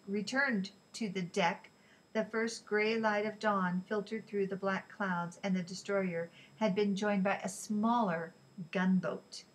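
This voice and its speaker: A woman's voice: mid-range voice, poor audio. Woman narrating an audiobook. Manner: steady, even storytelling. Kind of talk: scripted narration.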